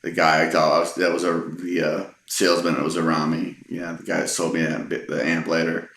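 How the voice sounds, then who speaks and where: A man's voice: low voice, monotone, brisk, creaky, fairly bright tone, slight background noise. A middle-aged man from Texas telling personal anecdotes in a casual, rambling way with frequent ums and restarts. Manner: rambling, hesitant, many ums. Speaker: storyteller. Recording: echoey room.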